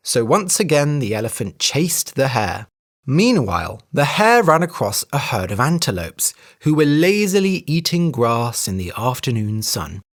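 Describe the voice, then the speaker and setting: An English teacher reading a children's story aloud for learners, clear and expressive. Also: medium pitch, a little slow.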